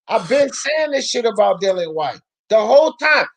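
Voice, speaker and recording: On a talk show, a woman host launches into a boxing rant, cursing freely and shouting again and again. Her voice is a touch high for a woman, with a sing-song lilt at a moderate pace, and she argues with heated, relentless conviction, loud and profane.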